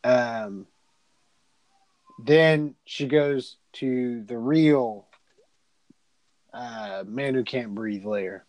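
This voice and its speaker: Slow, dry-voiced young man recapping a movie. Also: medium pitch, darkish tone, dry recording, rough recording. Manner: profane, rambling, laughing, voices characters in the retelling. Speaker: podcast co-host. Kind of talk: casual movie recap chat.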